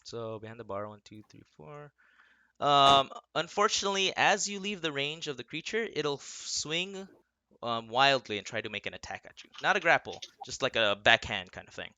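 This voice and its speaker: A man's voice: medium pitch, lively intonation, normal speed, pushed and bright, no room sound. A young man running a tabletop game as game master, casual and often laughing.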